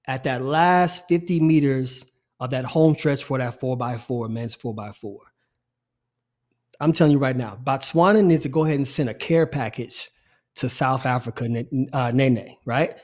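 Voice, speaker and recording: A middle-aged man co-hosting a casual sports podcast, animated and repeating his phrases as he talks. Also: mid-range voice, normal speed. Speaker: podcast co-host.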